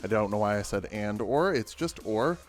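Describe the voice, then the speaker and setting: A man's voice: on the low side, animated, normal speed. A man casually walking through the cards of a deck, joking and going off on rambling asides, with faint music behind him. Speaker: deck tech host. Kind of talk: casual card game deck review.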